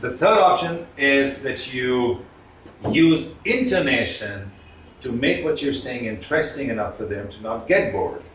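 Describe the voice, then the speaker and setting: A man giving a lecture on communication skills, deliberately varying his intonation. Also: medium pitch, background noise. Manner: animated, varies intonation on purpose. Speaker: trainer. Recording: roomy, distant mic, faint ambience.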